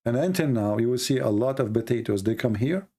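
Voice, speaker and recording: Gravelly low-toned guy, broken non-native english, livestream host ranting, lots of "you know", gets heated and high. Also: expressive, brisk, mellow. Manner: emphatic, grows heated and high-pitched when mocking critics; frequent "you know" and repeated words. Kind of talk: casual spoken monologue.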